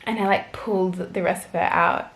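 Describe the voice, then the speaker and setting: A woman's voice: fairly low pitch, steady tone, normal speed, creaky, a bit bright, reverberant. A young woman vlogger telling a personal story to camera in a chatty, gushing way, full of fillers.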